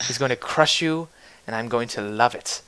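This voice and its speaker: Man doing a hushed, menacing scheming wife. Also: medium pitch, normal speed, smooth, voice pushed down, close to an everyday voice, poor audio. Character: scheming woman, a blacksmith's wife, coldly threatening.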